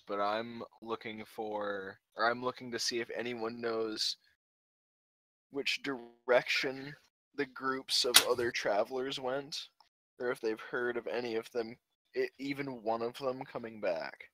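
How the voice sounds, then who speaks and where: A man playing a tabletop game, asking deliberate questions about his turn. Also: medium pitch, steady tone, a bit bright, dry recording, rough recording. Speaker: player. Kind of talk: casual tabletop play.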